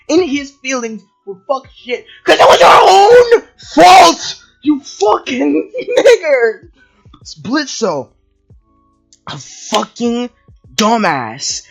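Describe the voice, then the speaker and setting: A woman ranting in a video review. She is profane and exasperated and often breaks into shouts. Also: high-pitched, slightly rough. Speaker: video commentator. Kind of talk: angry review rant.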